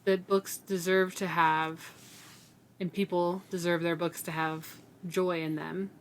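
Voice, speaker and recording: A woman co-hosting a podcast, speaking in an earnest, measured, agreeable way in casual discussion. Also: fairly low pitch, little pitch movement, a little hiss or hum. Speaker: podcast co-host.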